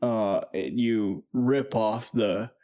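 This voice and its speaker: A man narrating a comedy tabletop game as game master, halting and laughing as he goes. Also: on the low side, mellow. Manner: halting, filler-heavy, laughing.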